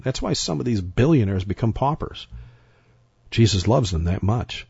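A man's voice: on the low side, expressive, normal speed, creaky, a little mellow, husky, no room sound, muffled recording. A man giving sermon-style Bible teaching, emphatic and rambling, often repeating himself and restarting sentences.

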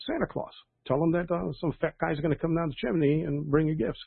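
Older male pastor, husky and gravelly, rambling chat over a dry phone line. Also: on the high side, quick pace, no room sound. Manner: rambling, chatty, with many fillers and restarts. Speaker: pastor leading an online prayer call. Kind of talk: casual reading and comment on praise reports.

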